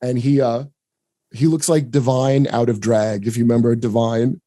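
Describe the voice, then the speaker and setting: A man's voice: little pitch movement, moderate pace, mellow, no room sound. A man hosting a podcast, rambling and profane in casual chat, often laughing and mimicking people. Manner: mimics people in higher voices. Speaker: podcast host.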